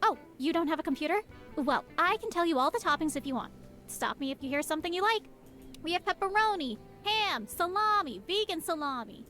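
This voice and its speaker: A woman's voice: sits high, big pitch swings, brisk, faint music behind. A woman voicing a timid young pizza-shop worker in a video game, nervous and rambling with awkward jokes.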